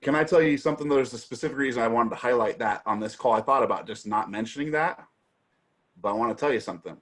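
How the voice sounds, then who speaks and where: Guy on a video call, talks fast and gushes, a bit raspy. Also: mid-range voice. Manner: effusive, warm-hearted, energetic. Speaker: guest. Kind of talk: casual video call chat.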